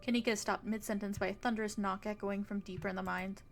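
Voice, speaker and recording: A woman streamer reading a visual novel aloud in an even, story-telling way. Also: mid-range voice, fast, gravelly, hardly any pauses, a little hiss or hum.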